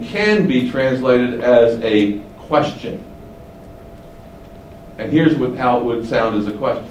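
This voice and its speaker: A man's voice: slow, pauses often, a little mellow. Man teaching the Bible in an echoey room. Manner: explains, asks rhetorical questions, shifts pitch for emphasis. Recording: echoey room, distant mic, faint hiss.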